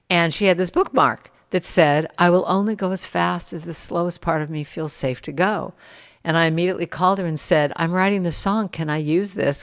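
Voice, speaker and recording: A middle-aged woman in a casual conversation, telling stories and acting out what people said in lively bursts. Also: deep voice, big-room sound. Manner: animated storyteller, acts out quotes. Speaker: musician guest.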